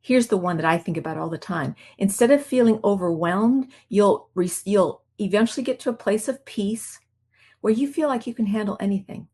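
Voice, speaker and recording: Breathy woman giving a calm self-help talk. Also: medium pitch, normal speed. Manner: calm, reflective, acts out her own inner voice. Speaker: marriage coach.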